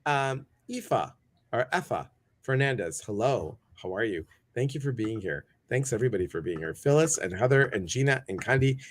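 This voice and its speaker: A man's voice: medium pitch, animated, normal speed. A man hosting a casual livestream talk show, chatty and upbeat as he greets viewers one by one.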